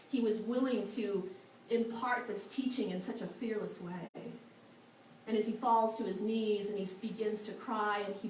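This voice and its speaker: A woman minister giving a storytelling sermon in a church, soft and slow at times. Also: mid-range voice. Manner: soft, slow and meditative at moments. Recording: echoey hall from a far mic, faint noise.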